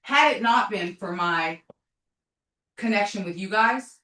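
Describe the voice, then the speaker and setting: Middle-aged mom talking blunt and forceful, swears a lot, bright sharp voice, sounds far off in an echoey room. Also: female voice, mid-range voice, measured pace. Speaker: mother of a recovering addict. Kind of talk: emotional personal testimony.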